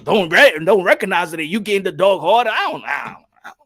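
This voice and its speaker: A man telling casual stories on a boxing podcast, animated and profane, laughing often. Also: high-pitched, fairly quick. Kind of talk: casual storytelling chat.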